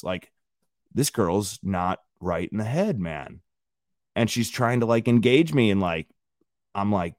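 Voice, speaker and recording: A man's voice: fairly low pitch, darkish tone, no echo, clean studio sound. A man hosting a solo podcast, ranting bluntly and profanely while talking straight to his listeners. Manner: conversational, addresses listeners directly. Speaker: podcast host.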